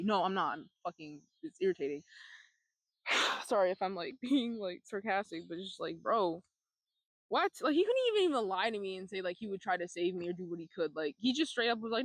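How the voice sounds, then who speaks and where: A woman's voice: mid-range voice, lively intonation, fairly quick, dry recording. A young woman vlogging, telling her own life story in a candid, blunt way, with free swearing and sarcastic asides.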